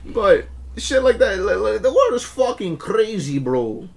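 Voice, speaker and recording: A young man with a high-pitched voice co-hosts a casual podcast. He tells stories loosely and profanely, laughing as he goes. His pitch swings widely as he talks. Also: unhurried, creaky. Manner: profane, animated storytelling with laughs. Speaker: podcast co-host. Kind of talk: casual chat. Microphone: shared podcast mic.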